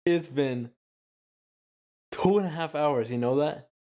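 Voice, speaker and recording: A man's voice: on the high side, slow, mellow. A young man hosting a casual podcast, talking in a loose, rambling way full of fillers and swearing. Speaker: podcast host.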